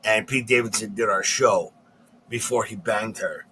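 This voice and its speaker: A man's voice: fairly low pitch, moderate pace, pushed and bright, slight background noise. A man co-hosting a comedy podcast, rambling and repeating himself in crude, profane banter. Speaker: podcast co-host.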